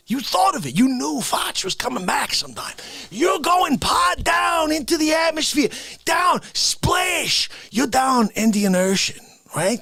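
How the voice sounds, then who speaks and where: A man playing an indignant old-school Bronx man, ranting in a comedy bit, swinging from shouts to whispers. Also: high voice, gravelly, slightly rough, no echo, exaggerated voice. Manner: ranting, exasperated, jumps from shouts to hushed whispers.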